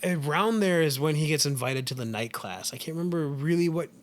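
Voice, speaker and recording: A man with a slightly higher voice talks through a film's plot in a loose, rambling way. He acts out snippets of dialogue and drops the odd swear word as he goes. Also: animated, a little fast. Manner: rambling retelling with acted-out quotes and swearing. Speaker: podcast co-host. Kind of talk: casual film recap chat.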